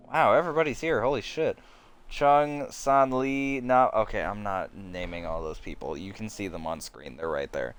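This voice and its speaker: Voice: sits low, moderate pace, clear, resonant tone, faint music behind. A sleepy streamer reading a game aloud on a live stream, with casual asides and jokes about fumbling the character voices. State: sleepy, yawning.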